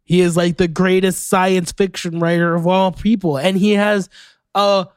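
Excitable profane podcast host, man. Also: high voice, moderate pace, smooth, no room sound. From Orlando, Florida, USA. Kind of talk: casual solo podcast commentary.

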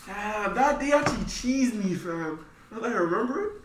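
A man's voice: high voice, animated, normal speed. A young man co-hosting a podcast, playful and laughing in casual banter. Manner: playful, laughs, drops to mumbles. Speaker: podcast co-host. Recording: echoey room, distant mic, noisy.

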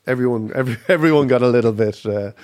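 A man's voice: mid-range voice, quick pace, a little mellow. Man, podcast co-host, casual debate, hesitant, thinking aloud. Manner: hesitant, full of fillers and restarts while thinking aloud.

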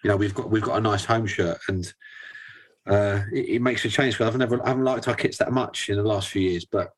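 A young man and father of two, a guest on a casual video-call interview, relaxed and rambling with many fillers. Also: lowish voice, fairly quick.

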